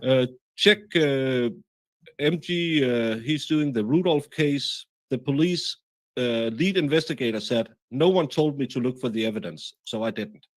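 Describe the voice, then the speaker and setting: Male stream host, mid-pitched, rambling, halting delivery full of fillers. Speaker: livestream host. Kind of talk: casual chat.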